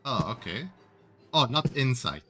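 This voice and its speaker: A man playing a tabletop game, asking quiet, hesitant questions. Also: mid-range voice, very animated, unhurried, crowd noise. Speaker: player.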